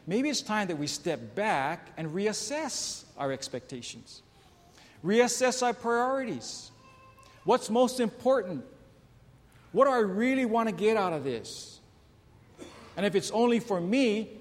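A man preaching a sermon as a pastor, asking the congregation questions, reading scripture aloud and telling jokes with raised voices for the characters. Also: a little high. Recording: long hall reverb.

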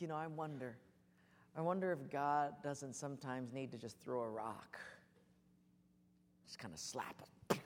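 A man preaching a sermon with passion, building to near shouts as he tells stories. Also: medium pitch, long reverb tail, a little hiss or hum. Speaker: pastor.

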